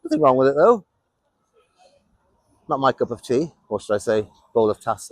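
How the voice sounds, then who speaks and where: Speaking at normal speed in a sing-song, medium-pitched voice, an English vlogger offers dry, sardonic remarks while walking through a town outside. The recording is dry.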